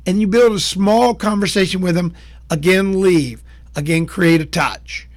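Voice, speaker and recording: In an unhurried, high-pitched voice, a man acting as sales trainer gives an instructional talk to camera. He teaches in a plain, folksy way, going step by step and acting out short exchanges.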